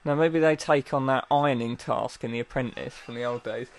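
A man's voice: mid-range voice, a little fast. A man, chatting casually and joking dryly about a boxing match he is watching. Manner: dry, self-mocking, jokey.

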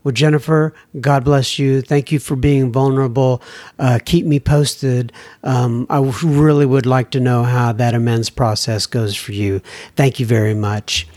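A man's voice: medium pitch, fairly even intonation, a little slow, a little mellow, no echo. Earnest man hosting a podcast. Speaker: podcast host. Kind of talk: reading and answering listener letters.

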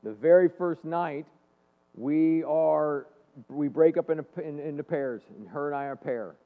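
A man in his forties giving an earnest, animated faith-based talk, telling personal stories to an audience in a large hall. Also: mid-range voice. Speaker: speaker and leadership coach. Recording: long hall reverb, phone-like band.

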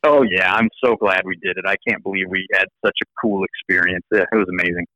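A man with an American accent, a law professor guest telling stories in an animated, restarting way. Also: low-pitched, fast, no room sound, poor audio. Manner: animated, repeats words as he restarts. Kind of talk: casual storytelling interview.

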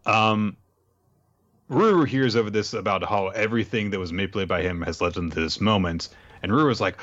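A man's voice: on the low side, brisk, fairly bright tone. A man co-hosting a podcast, chatting casually about a comic and laughing often, in a dull lo-fi recording. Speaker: podcast co-host. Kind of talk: casual chat recapping a comic.

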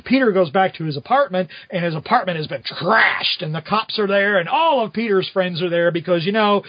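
A man's voice: high-pitched, animated, brisk, dry recording. A man hosting a podcast who rambles chattily through a casual comic-book recap, filling his talk with "you know.". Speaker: podcast host. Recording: dull lo-fi audio.

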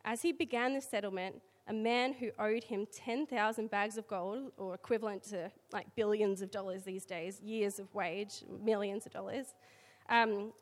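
A woman's voice: medium pitch, steady tone, normal speed. Australian woman preaching in an echoey hall. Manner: chatty asides, filler words between readings. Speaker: church speaker. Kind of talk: conversational sermon with scripture reading. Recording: long hall reverb.

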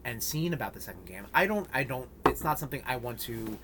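A man's voice: medium pitch, expressive, quick pace, noisy background. A man co-hosting a podcast in casual chat, rambling and joking with many fillers. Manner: rambling, jokey, lots of fillers. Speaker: podcast co-host.

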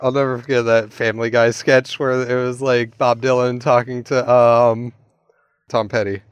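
A man in casual group chat, easygoing and quick to laugh. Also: medium pitch, level tone, clear, resonant tone, no echo.

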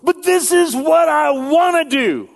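A man voicing a whiny inner voice of selfish desire that pleads in a high tone. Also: lively intonation, measured pace, heavily acted.

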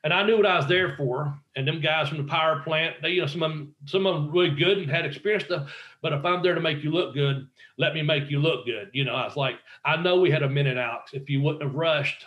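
A man's voice: fairly high pitch, quick pace, roomy sound, lo-fi sound. A man, a former pro wrestler, telling rambling, profane anecdotes in a casual interview and acting out quotes.

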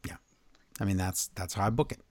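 A man's voice: low-pitched, a little fast, dry recording. A man co-hosting a wrestling podcast, ranting in an exasperated, sarcastic way in casual chat. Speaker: podcast co-host.

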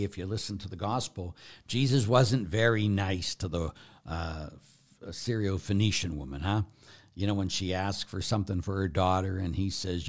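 A middle-aged man, a priest, giving a talk in a preaching style, swinging from loud emphasis to quiet asides. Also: deep voice.

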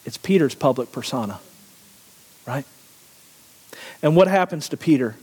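A man's voice: mid-range voice, expressive, measured pace, a little mellow, husky, big-room sound. A man preaching a sermon, asking the congregation questions and often laughing. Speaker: pastor.

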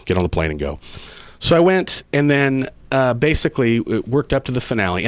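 A rapid-fire man with a fairly low voice tells stories from his acting career in a casual interview. He gets animated, acting out the dialogue he quotes with sudden jumps in pitch. The sound is dry and close. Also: no echo. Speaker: actor guest.

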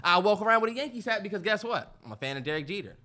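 Animated, high-voiced man telling a story. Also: racing. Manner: animated, acts out quotes, laughs a lot. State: out of breath. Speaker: podcast co-host. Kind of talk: casual storytelling chat.

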